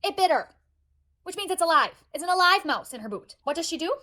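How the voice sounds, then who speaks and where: A woman in her thirties, a stay-at-home mom telling a funny story in a lively, dramatic way with wry comic timing. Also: very high voice, fast talker. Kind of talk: animated storytelling vlog.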